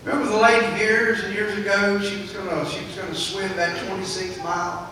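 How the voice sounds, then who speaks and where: Male pastor, sermon delivery; bright, tense tone; very echoey sanctuary with faint background noise. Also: high voice, little pitch movement, brisk. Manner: preaching with swelling, shouted climaxes. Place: church sanctuary. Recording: echoey church hall, mic far off.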